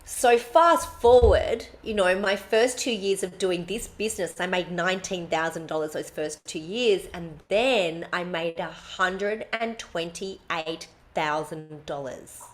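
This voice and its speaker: A woman's voice: fairly low pitch, a little slow, few pauses. Blunt, swearing woman storyteller. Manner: blunt, emphatic, swears freely. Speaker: podcast co-host. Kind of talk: casual chat, personal storytelling.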